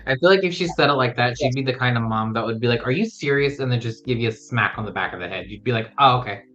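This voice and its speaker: Man with a low, bright voice; reassuring jokester on a lo-fi mic. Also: fast. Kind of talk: casual podcast chat. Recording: dull lo-fi mic.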